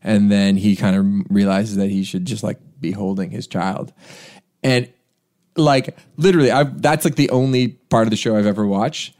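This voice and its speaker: A man's voice: lowish voice, steady tone, normal speed, a little mellow. Laid-back, self-mocking male co-host from Canada. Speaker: podcast co-host and producer. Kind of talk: casual chat.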